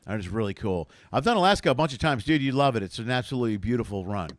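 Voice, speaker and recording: A man hosting a casual comedy chat, animated and foul-mouthed, acting out little bits as he goes. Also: mid-range voice, rapid-fire, no room sound. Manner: animated, swears freely, acts out bits. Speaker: host.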